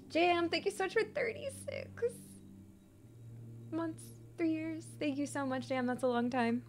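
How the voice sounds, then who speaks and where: A woman's voice: sits high, big pitch swings, normal speed. A young woman from the USA live-streaming a horror game, chatting to viewers and yelping and swearing when startled. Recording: game music behind the voice.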